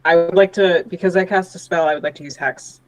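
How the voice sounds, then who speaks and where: Player in a tabletop game, middle pitch, says the spell flat out. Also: quick pace, poor audio. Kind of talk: casual tabletop play.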